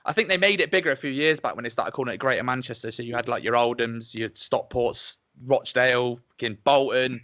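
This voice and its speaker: A man's voice: mid-range voice, brisk, hardly any pauses, bright, forceful tone, no room sound. A man in his twenties with a Dorset accent, hosting a podcast in a casual, chatty way and swearing freely. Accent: Dorset English. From Dorset, England. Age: 20s. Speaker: podcast host. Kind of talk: casual chat.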